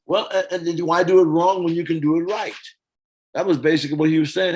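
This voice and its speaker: An older man in a casual interview, telling stories with lively acted-out quotes and hummed parts. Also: on the high side, fast, breathy edge, low-quality recording. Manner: animated storyteller, acts out quotes and hums parts. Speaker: interview guest, former band singer.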